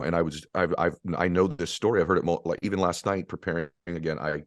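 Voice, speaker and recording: Deep-voiced man hosting an interview. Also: fairly even intonation, fast talker, no room sound, studio quality. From California, USA. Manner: earnest, emotional interviewer who addresses the audience. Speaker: podcast host. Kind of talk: interview conversation.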